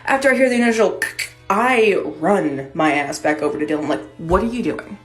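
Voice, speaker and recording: Young woman spilling a storytime, chatty, animated, echoey room, faint music. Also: low voice, brisk. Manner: animated, chatty, swears freely. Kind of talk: casual storytime.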